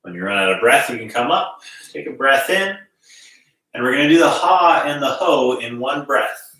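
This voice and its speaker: Calm male qigong teacher with a bright, forward tone, recorded from afar in a very echoey room. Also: medium pitch, moderate pace. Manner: calm, gently guiding with breath cues. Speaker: qigong instructor. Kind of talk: guided movement class. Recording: very echoey room, distant mic.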